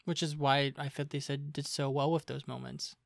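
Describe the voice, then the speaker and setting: A man's voice: on the high side, flat delivery, moderate pace, creaky, dry recording, studio quality. A young man co-hosting a casual podcast chat, talking loosely with many fillers as he retells scenes. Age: young adult. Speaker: podcast co-host.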